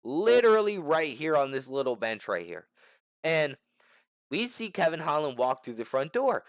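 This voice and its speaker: Animated slangy young man telling a story. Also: a little high, normal speed, no echo. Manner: animated, slangy and profane, with frequent restarts. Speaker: channel host. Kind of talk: casual storytelling to the camera.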